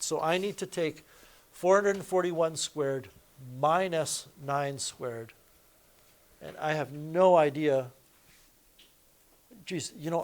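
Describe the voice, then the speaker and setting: A male math teacher lecturing a classroom, explaining each step and correcting himself aloud as he goes. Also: fairly high pitch.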